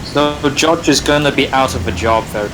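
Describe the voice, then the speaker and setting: A man chatting on a live stream, excitable and reading viewers' messages aloud. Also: medium pitch, brisk. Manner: excitable, reads chat aloud. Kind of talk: casual live-stream chat. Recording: noisy stream audio.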